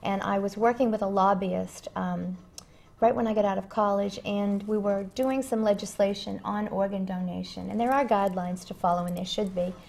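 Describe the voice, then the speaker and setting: A woman working as a spiritual medium who talks earnestly in an interview, telling stories with emphatic pauses. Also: mid-range voice, fairly even intonation, vocal fry, a little mellow. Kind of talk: interview conversation.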